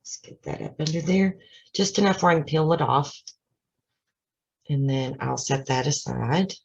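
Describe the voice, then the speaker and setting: A woman's voice: low voice, steady tone, unhurried, creaky, husky. A woman hosting a casual card-making tutorial at her craft desk, chatting her way through each step with self-deprecating asides. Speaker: craft channel host. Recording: slightly dull lo-fi sound.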